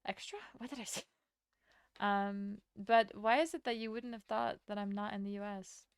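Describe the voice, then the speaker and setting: Young woman streamer with a smooth, gravelly voice. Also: medium pitch, fairly even intonation, dry recording, studio quality. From Latvia. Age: young adult. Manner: chatty, rambling, answers chat with quick laughs. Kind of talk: casual chat while drawing on stream.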